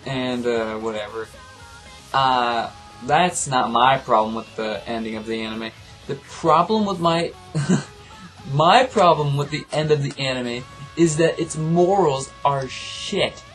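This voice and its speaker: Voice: mid-range voice, a little slow, faint music behind. An anime reviewer ranting casually in a rambling, profane, exasperated way.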